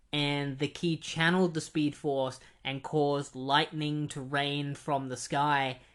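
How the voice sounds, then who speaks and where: A man's voice: mid-range voice, fairly bright tone, smooth. A man talking through a comic book plot in a loose, casual way. He rambles, stops often on fillers and restarts his sentences as he goes. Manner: rambling, many ums and likes. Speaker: comic book retrospective host.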